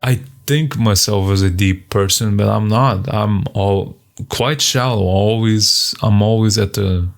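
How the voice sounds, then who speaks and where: A man journaling on video, talking bluntly and profanely and sometimes bursting into loud shouts. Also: lowish voice, measured pace, gravelly. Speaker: vlogger.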